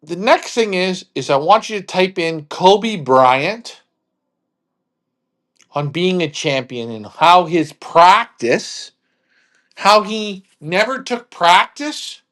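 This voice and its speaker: A man's voice: sits high, lively intonation, takes it slowly, fairly bright tone. A man hosting a casual chat in a blunt, emphatic way, swearing freely.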